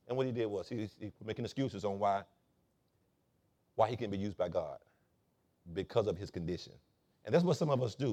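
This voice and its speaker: A male pastor from Florida preaching a sermon, calling on the congregation to answer and swelling loud on key points. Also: lowish voice.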